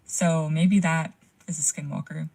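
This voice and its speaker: A woman's voice: deep voice, fairly even intonation, measured pace, vocal fry, warm tone. A young woman telling a frightening personal story in a casual way, with lots of "like" and swearing. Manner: frequent "like" fillers, swearing. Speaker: caller sharing a story.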